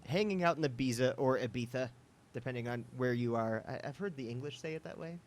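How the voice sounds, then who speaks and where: A man's voice: medium pitch, lively intonation, quick pace. Rambling male podcast host. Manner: rambling, many fillers and asides. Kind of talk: casual chat.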